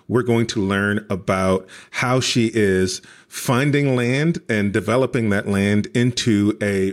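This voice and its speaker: Easygoing low-voiced man co-hosting. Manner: easygoing, laughs readily. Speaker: podcast co-host. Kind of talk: podcast interview.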